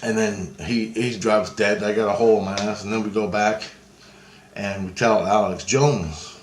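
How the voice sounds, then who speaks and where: His voice sits lowish, with fairly even intonation, normal speed and slight background noise. It's casual storytelling about a dream, told rambling and profane, with frequent restarts and gesture-driven talk, recorded in an echoey room with faint ambience.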